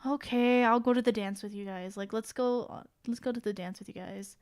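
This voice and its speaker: A woman's voice: on the high side, fairly even intonation, brisk, darkish tone, smooth, close to an everyday voice. Woman voicing a blunt teenage schoolgirl. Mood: resigned.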